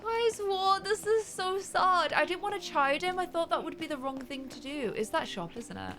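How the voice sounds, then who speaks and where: A young woman streamer giving animated, chatty let's play commentary. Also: high-pitched, moderate pace. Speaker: gaming streamer. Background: faint game music.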